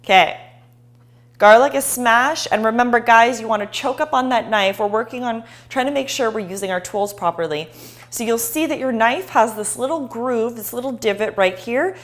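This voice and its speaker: A woman's voice: a little high, moderate pace. Chatty woman hosting a cooking demo. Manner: chatty and encouraging, talking to viewers. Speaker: cooking show host. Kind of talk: live cooking demonstration.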